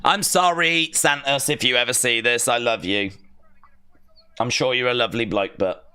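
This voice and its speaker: A man streaming a live watch-along, giving excitable, chatty commentary with mock outrage. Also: medium pitch, moderate pace, a little hiss or hum.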